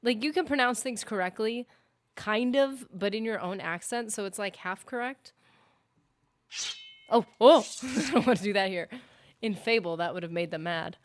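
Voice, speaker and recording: A young woman streams a game and chats freely to her viewers. She rambles and keeps throwing in "like" as she goes, and her voice sits at a middling pitch. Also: normal speed. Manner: rambling, animated, heavy use of "like". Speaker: gaming streamer. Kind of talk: casual live-stream commentary.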